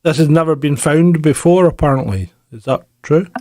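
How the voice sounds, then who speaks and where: A man with a somewhat high voice jokes and needles his co-host in loose podcast banter. He cuts in often with mock-outraged questions. The recording is close and dry. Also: normal speed, a little mellow, no room sound. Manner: teasing, interrupting, sarcastic.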